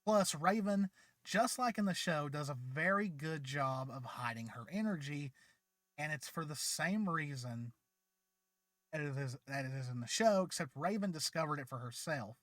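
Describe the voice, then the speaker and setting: A man's voice: on the high side, animated, moderate pace, a bit bright, no echo, studio quality. A man hosting his channel, casually retelling a fan story in a chatty, rambling way with many fillers, and sounding tired. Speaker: channel host.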